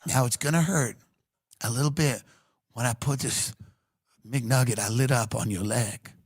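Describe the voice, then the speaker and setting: A man voicing a sinister mother who sweetly coaxes her young daughter, in a soft, falsely tender sing-song. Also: mid-range voice, unhurried, slightly rough, no echo, studio quality, pitched below the performer's own voice.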